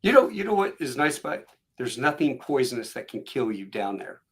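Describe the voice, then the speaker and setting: A middle-aged man hosting a podcast, telling stories in a casual, animated way and acting out the voices of the people in them. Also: medium pitch, a little fast, husky. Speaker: podcast host. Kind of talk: casual storytelling chat.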